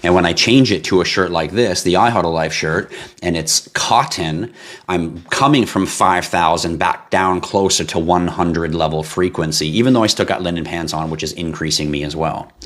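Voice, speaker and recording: A middle-aged man with a very low, deep voice hosts a crypto livestream. He talks casually and bluntly, answering viewer comments. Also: moderate pace, fairly bright tone. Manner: blunt, ranting, swears, laughs at himself.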